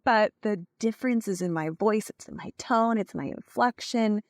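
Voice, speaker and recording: A woman hosting a podcast in a chatty, casual way, full of fillers and quick tone demos. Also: mid-range voice, no echo, clean studio sound. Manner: chatty, with many fillers, acts out tones of voice. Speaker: podcast host. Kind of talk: casual solo podcast talk.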